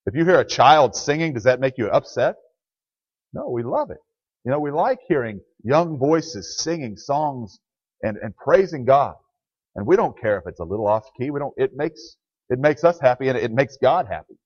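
A man's voice: medium pitch, lively intonation, normal speed, darkish tone, dry recording. A man preaching a conversational sermon as a pastor in a church, speaking plainly and answering the questions he puts to the congregation. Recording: dry, dull lo-fi sound.

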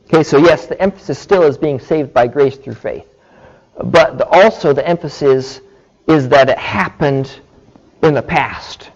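A man preaching a sermon, explaining scripture slowly and deliberately and checking in with his listeners. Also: on the high side, highs cut off. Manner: slow, deliberate teaching with frequent "okay" check-ins.

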